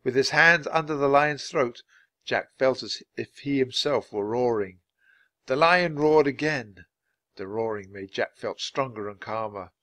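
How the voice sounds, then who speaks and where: A man reading a children's adventure book aloud, clear and steady for language learners. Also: mid-range voice, no room sound. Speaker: storybook reader.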